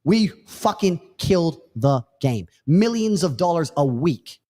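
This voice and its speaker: A man's voice: on the high side, very animated, a little slow, dark tone, big-room sound. A man in a played clip telling a story in a brash, swearing way, acting out other people's voices. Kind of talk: storytelling with acted quotes.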